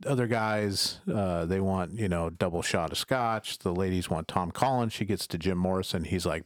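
A man's voice: low-pitched, normal speed, hardly any pauses, no room sound, clean studio sound. A man casually telling a long anecdote on a podcast, rambling and acting out the people in it. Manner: rambling anecdotes with voiced impressions. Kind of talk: casual storytelling chat.

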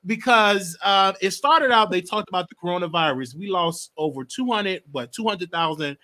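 A man's voice: sits high, moderate pace, pushed and bright. A man hosting a live stream, giving casual, emphatic political commentary and swearing now and then.

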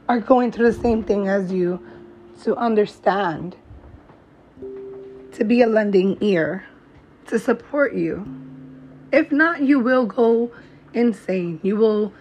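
A woman's voice: mid-range voice, a little mellow. A young adult woman, a mother, speaking to camera in a heartfelt, blunt, profane and encouraging monologue. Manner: blunt, profane, encouraging, slow emphatic phrasing. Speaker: mom vlogger. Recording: slightly dull lo-fi recording with faint music behind.

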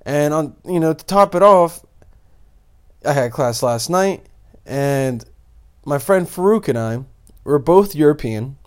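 Slow and animated, with a fairly high pitch and long pauses, a young adult podcast host from Bosnia rambles solo through crude stories. The monologue is casual and packed with swearing and jokes.

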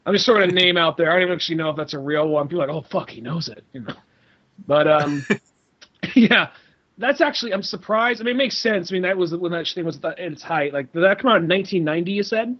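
A man's voice: high voice, fast, a bit bright, lo-fi sound. A man co-hosting a podcast over a video call, rambling casually and swearing freely. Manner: rambling and profane. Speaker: podcast co-host. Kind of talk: casual chat.

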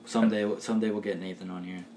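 Man, podcast co-host, casual chat, low voice, playful, roomy echo. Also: flat delivery, mellow, slight background noise. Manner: chatty, laughing, quick to act out little quoted voices. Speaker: podcast co-host and game master. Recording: roomy echoey room.

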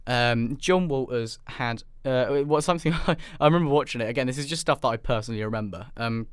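A man's voice: mid-range voice, fast, clean tone, no room sound. A young man co-hosting a casual football podcast in a studio, rambling and sarcastic with lots of ums. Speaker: podcast co-host.

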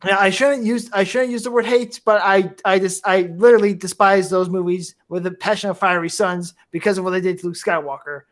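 Brief: excitable fan host, mid-range voice, rambling casual review chat. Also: medium pitch, fairly quick, few pauses. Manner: enthusiastic, rambling with restarts and laughs. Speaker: podcast host.

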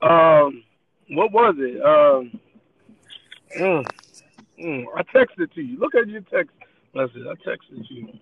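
High-voiced man telling a story over a tinny line. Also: big pitch swings, slow pace, gravelly, long pauses, slightly rough. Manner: loose, laughing, rambling. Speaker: podcast co-host. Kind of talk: casual storytelling chat.

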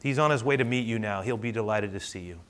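Brief: man doing God, firm and measured, near his own voice, sermon retelling. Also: on the low side, a bit bright, lightly acted. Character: calm, commanding God speaking to a prophet.

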